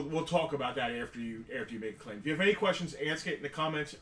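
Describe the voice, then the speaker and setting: Recorded in an echoey room with the mic set far off, a man with a fairly high, bright voice co-hosts a live-stream toy sale. He chats casually and goes on at length explaining the toys.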